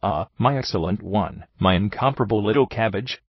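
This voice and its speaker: A man voicing an excitable, flowery French detective who talks theatrically, on a dull, dry, lo-fi recording. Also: lowish voice, brisk, husky, dry recording. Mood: effusive. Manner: theatrical, effusive, exclamatory.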